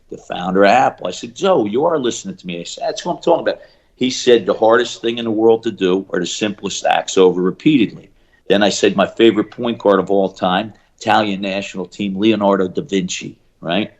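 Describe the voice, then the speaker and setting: A middle-aged man, a shooting coach, telling stories in an animated interview and acting out the people he quotes. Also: on the low side. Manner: acts out quoted voices, fast bursts and emphatic repeats.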